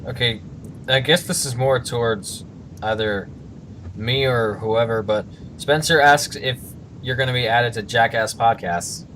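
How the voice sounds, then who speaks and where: Relaxed man reading out fan questions. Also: medium pitch, measured pace, a little hiss or hum. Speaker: interviewer host. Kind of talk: casual interview on a voice call.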